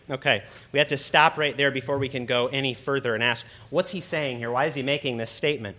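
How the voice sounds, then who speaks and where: A man's voice: medium pitch, fairly even intonation, quick pace, hardly any pauses, bright, forceful tone. A young man preaching a sermon, conversational and joking with the congregation. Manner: conversational, humorous asides to the congregation.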